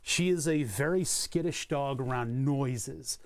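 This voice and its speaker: A man chatting casually to his stream audience from a home workspace on a desk mic. He rambles with fillers and restarts, and breaks into high baby talk for his dog. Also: slow pace. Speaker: livestreamer. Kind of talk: casual live-stream chat. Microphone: desk mic on a cable.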